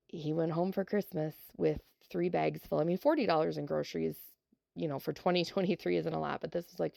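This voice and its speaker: A middle-aged teacher from South Dakota, telling a heartfelt classroom story on a podcast. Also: female voice, sits low, vocal fry, a little mellow, dry recording, studio quality. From South Dakota, USA. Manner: heartfelt and emotional, with many fillers. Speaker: elementary teacher.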